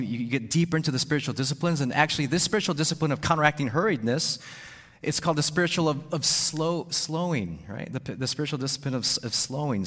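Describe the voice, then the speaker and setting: A man's voice: on the high side, fairly bright tone. A male pastor delivering a sermon, often repeating words and tagging sentences with "right?". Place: church. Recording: long reverb in a church hall.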